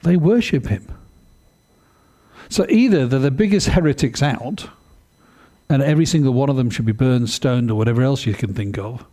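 A man preaching a sermon in a conversational, animated way, often asking his listeners questions. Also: mid-range voice, moderate pace.

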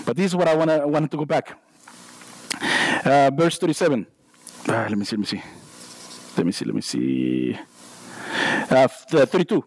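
A man's voice: mid-range voice, big pitch swings, moderate pace, long pauses, a little mellow, dry recording, low-quality recording. A man with a non-native English accent preaching a sermon in church, joking about himself and restarting his sentences often. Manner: self-deprecating, jokey asides, stammering restarts.

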